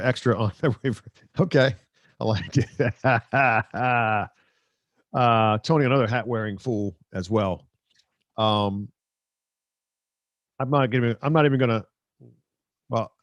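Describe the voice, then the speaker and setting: A middle-aged man chats on a live stream in a loose, rambling way, joking and poking fun at himself. His voice sits at an ordinary pitch, close to the microphone in a dry, dead room. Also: unhurried, pauses often, no room sound. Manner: rambling, joking, self-mocking. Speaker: sportscaster hosting a live stream. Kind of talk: casual live-stream chat reading viewer comments.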